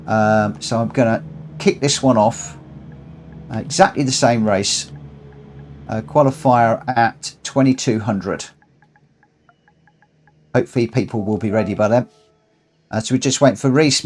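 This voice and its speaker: A man's voice: mid-range voice, steady tone, measured pace, long pauses, darkish tone. Chatty man streaming races. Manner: chatty, friendly, reads results aloud. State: out of breath. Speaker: streamer hosting online races. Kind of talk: casual live-stream commentary. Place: home room.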